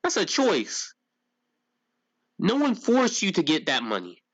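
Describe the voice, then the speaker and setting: A man's voice: high-pitched, wildly swooping pitch, takes it slowly, fairly bright tone. A male streamer talks to his live chat in a ranting, incredulous way. He keeps firing rhetorical questions. His voice comes through dull, lo-fi stream audio.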